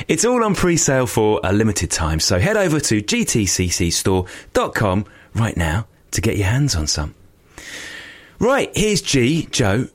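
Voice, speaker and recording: A man co-hosting a podcast, cheerful and chatty as he tells stories in casual chat. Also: fairly low pitch. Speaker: podcast co-host.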